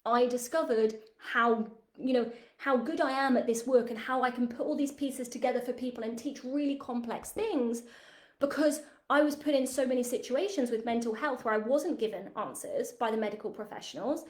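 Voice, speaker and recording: A woman in her thirties talks through a spiritual lesson in a loose, animated way, often checking in with her listeners. Her voice sits a little high. The room around her has a noticeable echo. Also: moderate pace. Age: 30s. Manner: chatty, animated, frequent "right?" tags. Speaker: spiritual teacher. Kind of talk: masterclass teaching monologue.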